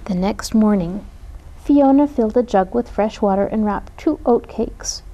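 Gentle woman reading a storybook aloud. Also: medium pitch, measured pace, highs cut off.

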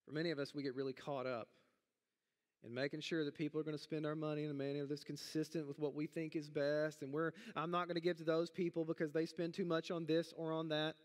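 A middle-aged man preaching a sermon as pastor, talking in a conversational, animated way with big jumps in pitch. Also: fast talker, long reverb tail. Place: church sanctuary.

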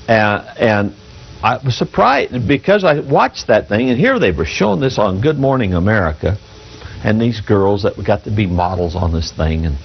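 A male pastor preaching a sermon from the pulpit in a folksy, halting way, reading an article aloud to the congregation. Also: on the low side, gravelly, a little hiss or hum. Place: church pulpit. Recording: dull lo-fi church recording.

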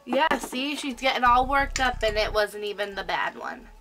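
A woman's voice: a little high, normal speed, a bit bright, faint music behind. A young woman vlogger chatting casually, teasing and coaxing with a giggle. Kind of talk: casual chat.

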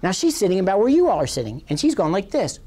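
A man's voice: high voice, huge pitch swings, fast talker, mellow. A man in his fifties, a professor telling a bawdy, self-mocking comic story to a lecture hall.

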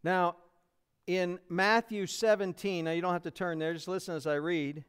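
High-voiced American pastor preaching. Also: male voice, fairly even intonation, normal speed, fairly bright tone, smooth. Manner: earnest expository preaching, acting out quotes. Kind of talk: sermon.

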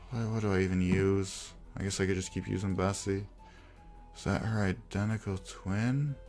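Guy doing dramatic gaming commentary, gravelly voice, drawn out and slow, lots of big sighs and fake despair. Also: sits low, fairly even intonation, darkish tone, soft background music. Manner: theatrical self-pitying despair with heavy sighs. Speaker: gameplay video creator. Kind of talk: melodramatic gameplay commentary.

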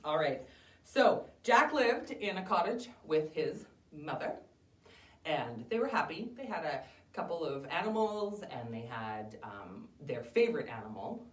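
A woman hosting an online library storytime for young children, cheerful and animated, greeting the kids and leading rhymes. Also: low-pitched, measured pace. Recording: roomy echo, distant mic.

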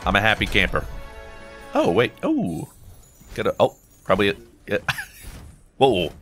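A man's voice: lowish voice, a little slow, soft background music. A young American man commentating as he opens loot boxes, bursting into gasps, squeals and hummed tunes. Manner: animated, gasps and squeals at loot drops, sings and hums along. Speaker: gaming YouTuber. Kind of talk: excitable gameplay commentary.

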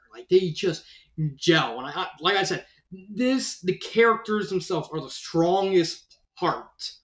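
Rambling man with an echoey sound. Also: fairly high pitch. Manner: rambling, self-correcting, lots of "like". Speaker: fan fiction reviewer. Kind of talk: casual spoken review.

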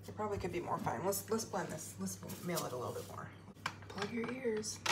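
A woman's voice: medium pitch, sing-song, a little fast. A young adult woman chatting enthusiastically to viewers as she walks through a home baking recipe in her kitchen. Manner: chatty, enthusiastic, talks to viewers while working. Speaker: home cooking vlogger. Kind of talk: casual cooking tutorial. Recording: kitchen clatter and appliance noise.

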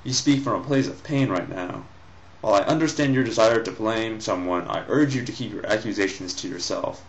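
A man's voice: on the low side, fairly quick, highs cut off, close to an everyday voice. A man voicing a stern noble mother who lectures her son, read aloud from a story. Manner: stern, admonishing.

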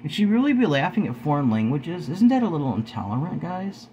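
A man's voice: fairly high pitch, big pitch swings, fast, dark tone, muffled recording, slight background noise. A man in his forties, talking earnestly to his viewers from home in a preachy vlog, often calling them guys. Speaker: video host. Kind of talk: earnest spoken vlog talk.

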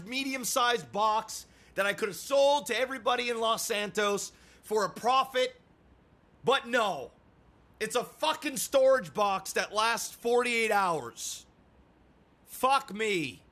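A man's voice: extremely high pitch, sharp tone. A man playing a character in a game roleplay, flustered and ranting in frustration. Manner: flustered, pleading, then ranting. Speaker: roleplay player.

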